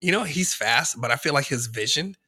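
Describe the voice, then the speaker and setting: A man co-hosting a casual sports podcast, joking and quick with one-liners. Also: medium pitch, animated, pushed and bright, husky, no echo. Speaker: podcast co-host.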